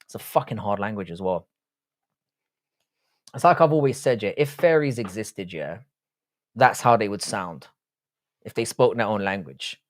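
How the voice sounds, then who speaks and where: A man's voice: lowish voice, animated, normal speed, pauses often, no echo, clean studio sound. A man, hosting a casual livestream, reading out viewer comments and bantering with plenty of swearing and slang. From United Kingdom. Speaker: livestream host.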